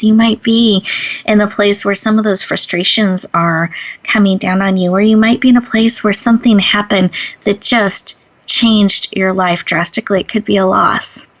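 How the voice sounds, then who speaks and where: Earnest woman host, muffled audio. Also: mid-range voice. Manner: earnest storytelling, gentle slow instructions. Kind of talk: inspirational talk and guided breathing.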